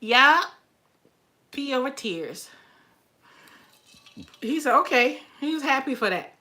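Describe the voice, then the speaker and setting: A woman's voice: sits high, very animated, slow, sharp tone. A woman chatting casually on a live stream, emotional and repetitive. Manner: emotional, chatty, repeats herself. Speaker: livestreamer.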